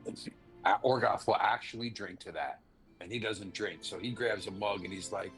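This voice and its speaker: Low-voiced man hesitating at a game table. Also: normal speed, a bit bright, soft background music. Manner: hesitant, thinks aloud. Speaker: player. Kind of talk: tabletop role-play.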